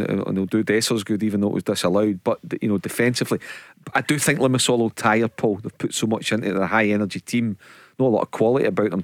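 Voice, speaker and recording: Man, fast talker, lowish voice, football pundit, dry studio. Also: no room sound. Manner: fast talker, many "you know" fillers. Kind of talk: radio football chat. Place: radio studio.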